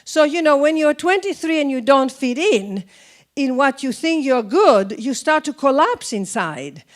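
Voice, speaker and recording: A woman with a Greek accent giving a motivational talk through animated storytelling. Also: high-pitched, a little slow. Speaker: speaker.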